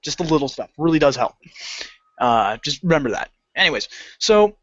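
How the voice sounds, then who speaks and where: A man's voice: on the high side, moderate pace, no room sound. A man co-hosting a podcast, telling a long profane story in casual chat and acting out what people said. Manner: animated, profane, acts out quoted lines. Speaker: podcast co-host. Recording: dull lo-fi podcast audio.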